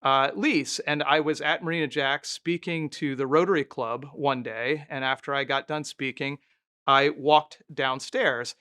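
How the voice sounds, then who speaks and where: Candid man with a smooth voice. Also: fairly high pitch, fairly even intonation, a little slow, sharp tone. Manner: candid, anecdotal, thinking aloud. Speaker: former mayor, guest. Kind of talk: storytelling conversational interview.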